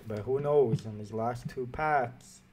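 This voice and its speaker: A man commentating a game pack opening, frustrated and swearing, erupting into shouts now and then. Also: medium pitch, takes it slowly, slight background noise. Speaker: gaming YouTuber.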